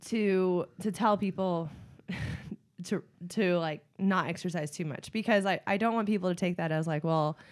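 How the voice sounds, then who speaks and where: A woman's voice: fairly low pitch, normal speed. A woman who works as a personal trainer, co-hosting a fitness podcast and chatting casually, laughing easily as she talks. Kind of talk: casual chat.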